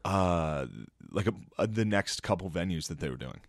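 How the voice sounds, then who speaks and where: A man's voice: deep voice, expressive, moderate pace, dry recording, studio quality. A man co-hosting a podcast, telling stories in casual chat with crude jokes and laughs, acting out what others said. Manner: crude, laughing storyteller, acts out others' lines. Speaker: podcast co-host.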